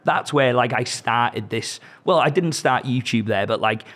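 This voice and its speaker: A young British man, a podcast guest, telling animated anecdotes in casual chat. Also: medium pitch, measured pace. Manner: chatty, animated anecdotes with quoted dialogue.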